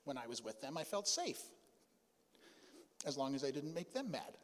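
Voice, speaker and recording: A man preaching from the pulpit in a relaxed, folksy storytelling way, full of asides and pauses. His voice sits fairly high for a man. The sound rings out with a long reverb through a big church hall. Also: slight background noise. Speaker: pastor. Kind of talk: storytelling sermon. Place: church sanctuary.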